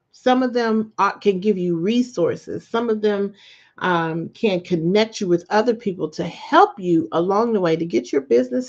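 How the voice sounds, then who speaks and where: A woman, hosting a podcast and giving a casual, animated motivational talk with quick asides. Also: mid-range voice. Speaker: podcast host. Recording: dull lo-fi recording.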